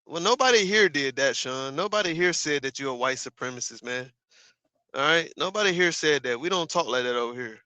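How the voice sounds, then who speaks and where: A man on a casual livestream, ranting with profane emphasis and talking straight to his viewers. His voice is bright and swings widely in pitch. The sound is dry and close. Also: expressive, brisk, clean tone, dry recording.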